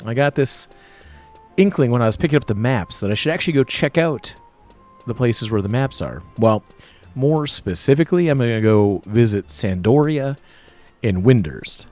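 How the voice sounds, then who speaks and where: A man's voice: medium pitch, animated, normal speed, darkish tone, faint music behind. An American man hosting a let's play, chatting casually over gameplay and laughing easily. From United States. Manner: chatty, giggly and easily amused.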